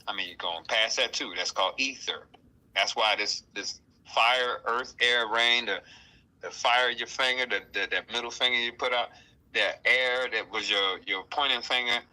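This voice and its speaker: A man giving a casual spiritual talk, playful and animated, often acting out other people's voices. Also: medium pitch, moderate pace, rough recording. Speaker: guest speaker.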